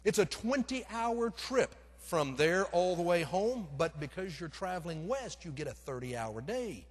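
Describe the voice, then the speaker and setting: Middle-aged pastor telling a lively story. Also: male voice, high-pitched, measured pace, slightly rough. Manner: animated, self-deprecating storytelling that acts out the scenes. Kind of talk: storytelling sermon. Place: church sanctuary. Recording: long reverb of a church sanctuary.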